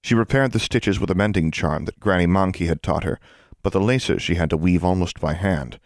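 A man reading scripted audiobook narration in an even, measured storytelling manner. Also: low voice, no room sound, clean studio sound.

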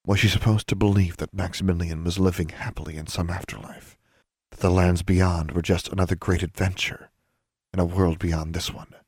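A man narrating an audiobook in a measured, even storytelling manner. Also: low voice, slightly rough, no room sound, studio quality.

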